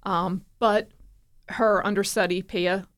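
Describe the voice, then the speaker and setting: A middle-aged woman from New Jersey, appearing as a guest, tells a personal story in casual conversation. Her voice is mid-range and slow, and she's animated, acting out the voices of the people she quotes.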